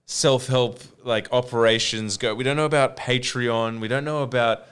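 A man's voice: mid-range voice, steady tone, normal speed, a bit bright, clean tone. A man co-hosting a podcast in casual chat, rambling and restarting often. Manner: rambling, self-interrupting, laughing often. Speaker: podcast co-host.

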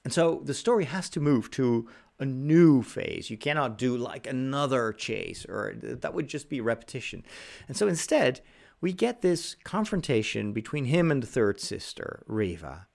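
A man talks in a casual, unscripted commentary style, pausing often on fillers and restarting sentences as he thinks. His voice has a gravelly edge to it and sits at an ordinary middle pitch for a man. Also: big pitch swings, a little mellow. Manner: thoughtful, with frequent fillers and restarts.

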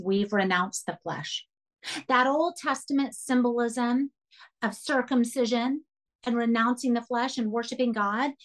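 A woman with a somewhat high voice leads a Bible study for women. She teaches earnestly and with emphasis, pressing her listeners to write points down.

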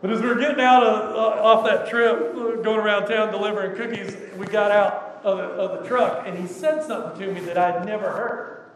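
A man's voice: high voice, steady tone, a little fast, crowd noise. A middle-aged man preaching a sermon as pastor, conversational, with frequent rhetorical asides. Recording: echoey hall, distant mic, faint noise.

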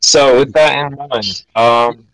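A man's voice: mid-range voice, slow pace, a bit bright, no echo, poor audio. A man hosting a casual podcast chat, rambling with frequent restarts. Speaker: podcast host.

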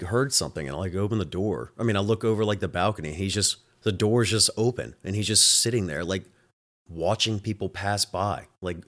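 A man's voice: low voice, a bit bright. A man hosting his own show, a home health nurse telling a work story in a casual, exasperated way, often swearing.

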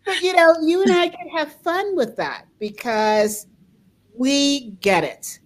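A woman's voice: sits high, slow pace. An older woman hosting a talk show, telling stories with frequent laughter in a casual conversation. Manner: laughs often, lively storytelling.

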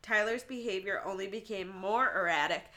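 A woman's voice: mid-range voice, normal speed, pushed and bright. A woman co-hosting a casual true-crime podcast, reading out case notes and joking and laughing between the facts. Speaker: podcast co-host.

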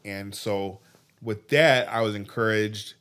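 A man earnestly telling a personal faith story, often halting and restarting his sentences. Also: on the low side, fairly bright tone. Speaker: guest telling his testimony.

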